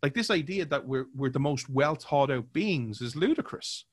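Male podcast co-host, animated casual talker, mid pitch, dry booth. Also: moderate pace, husky, no echo. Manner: animated, acts out quoted voices, many fillers. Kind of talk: casual conversational commentary.

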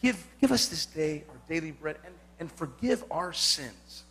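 A man putting on a deep, grudging, vengeful pray-er. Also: lively intonation, measured pace, gravelly, sharp tone, husky, heavily acted. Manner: mock-pious, sarcastic muttering. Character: resentful churchgoer grudgingly praying, vengeful.

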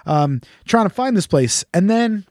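A man's voice: sits high, expressive, unhurried, a little mellow, dry recording, studio quality. A man hosting a casual chat, telling a rambling, profane, jokey story. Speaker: podcast host.

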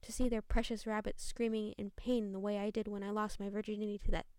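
A woman voicing a bitter, angry teenage girl who smokes, speaking bluntly in a gravelly voice. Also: medium pitch, little pitch movement, fast talker, darkish tone, no echo, studio quality, natural voice.

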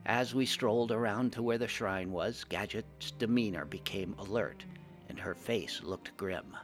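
A man narrating a fantasy adventure story, genteel and animated in first person. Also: on the low side, unhurried, music in the background. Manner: genteel and animated, playing the old gnome monk narrator.

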